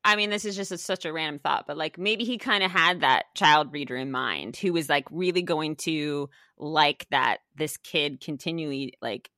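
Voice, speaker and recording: Bright-voiced woman host musing aloud. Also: low-pitched, moderate pace, few pauses, no echo, studio quality. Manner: musing, laughs easily. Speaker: podcast host. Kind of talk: casual conversation.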